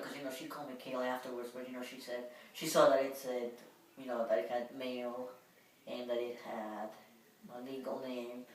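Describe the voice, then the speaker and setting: A woman's voice: a bass voice, distant mic. Rambling woman in a very echoey room. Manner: rambling, full of "you know" fillers. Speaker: vlogger. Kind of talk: casual storytelling vlog. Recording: very echoey room, voice away from mic, faint hum.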